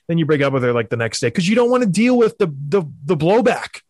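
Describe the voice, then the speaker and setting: A young adult man hosting a sports talk show, emphatic and animated, with mocking asides. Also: high-pitched, fast talker, no echo, studio quality. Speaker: sports podcast host. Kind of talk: opinionated hockey talk.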